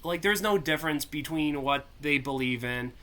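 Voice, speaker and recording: A man's voice: a little high, normal speed, sharp tone, a little hiss or hum. A man giving casual commentary, rambling with many fillers and sighs. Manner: rambling, filler-heavy, sighing. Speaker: video commentator.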